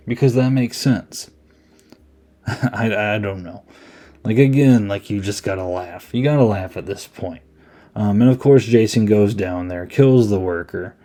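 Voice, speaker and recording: A man's voice: lowish voice, slow, mellow. A man hosting a podcast, talking through a movie review in a rambling, amused way with lots of "um"s. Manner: rambling, amused, many ums. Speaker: podcast host. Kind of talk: casual solo movie review.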